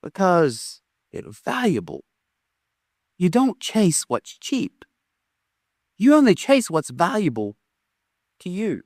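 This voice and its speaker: A man in his forties, a pastor, preaching a sermon with lively storytelling that swings between raised, excited phrases and quiet, soft endings. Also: high voice, no echo, studio quality. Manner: animated storytelling with sudden rises and soft drops. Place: church stage.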